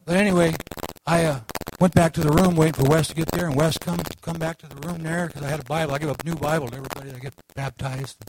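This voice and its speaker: A man preaching a sermon, telling a folksy story that swells into loud exhortation. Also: on the high side, noisy background. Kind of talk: sermon testimony.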